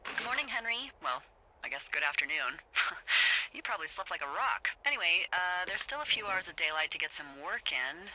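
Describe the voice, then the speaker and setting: An actress playing a wry, teasing lookout supervisor who swears freely, heard over a walkie-talkie radio in a video game. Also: female voice, fairly low pitch, lively intonation, fairly quick, background noise. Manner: playful, sarcastic, swears freely.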